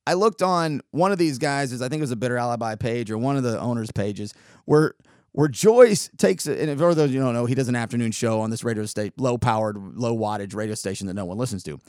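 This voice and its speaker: Sarcastic, animated, male host, storytelling monologue, bouncy pitch. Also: dry recording, studio quality. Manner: sarcastic, animated, quick asides. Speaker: podcast host.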